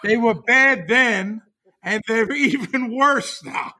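Guy guesting on a podcast, dry chuckly asides, bright higher voice. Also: slow pace. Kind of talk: casual chat.

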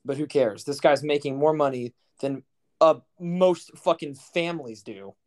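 A man's voice: a little high, unhurried, darkish tone. Rambling, swearing young man on a podcast. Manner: rambling, profane, incredulous storytelling. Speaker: podcast co-host. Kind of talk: casual chat.

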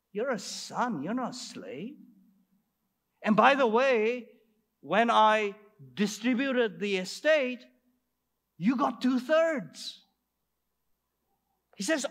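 A man's voice: sits high, big pitch swings, slow, long pauses, a bit bright. A man preaching a sermon, retelling a story with emphatic rhetorical asides to his congregation.

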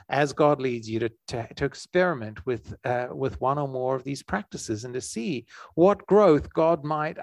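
A man giving an earnest, conversational sermon. His voice is a little higher than most men's, and he stumbles and restarts as he goes. The recording is dry and close, with little room sound. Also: dry recording. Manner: earnest, with frequent restarts and fillers. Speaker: preacher.

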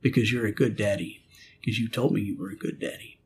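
Man, pastor, middle-aged, gravelly voice, earnest preaching storyteller, faint rumble behind. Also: fairly even intonation, fairly quick. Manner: earnest preaching storyteller, acts out prayers and God's replies. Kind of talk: storytelling in a spiritual conversation.

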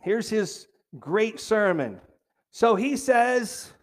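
A man's voice: high-pitched, measured pace. A man preaching a sermon in a conversational way, with jokey asides and questions put to the congregation. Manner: jokey asides, restarts phrases.

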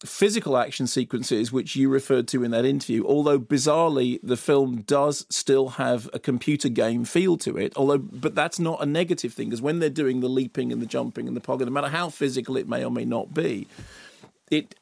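A man's voice: medium pitch, steady tone, a little fast, gravelly, darkish tone, no room sound. A man, a film critic, talking through a movie review on a radio show in a studio, rambling from point to point with many restarts and asides. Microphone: studio microphone.

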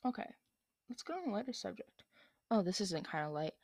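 A woman's voice: medium pitch, very animated, brisk, darkish tone, no echo. Rambling young woman with a dry close sound. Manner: rambling, lots of ums and likes. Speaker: vlogger answering questions. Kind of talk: casual Q&A vlog.

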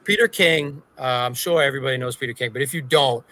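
A man's voice: medium pitch, fast, pushed and bright, no echo. A man co-hosting a podcast, telling a story in a profane, ranting casual chat. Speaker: podcast co-host.

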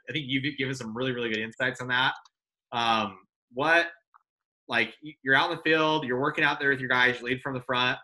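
A man's voice: medium pitch, sharp tone. A man hosting a casual chat, loose and rambling, full of fillers. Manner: loose, filler-heavy, says "like" and "dude" a lot. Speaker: podcast host.

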